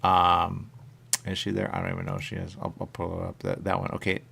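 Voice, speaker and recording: A man's voice: low voice, fairly quick, creaky, husky. A male radio show host chatting casually and rambling, repeating his catchphrases. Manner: repetitive, animated, catchphrase-heavy. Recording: radio studio mic.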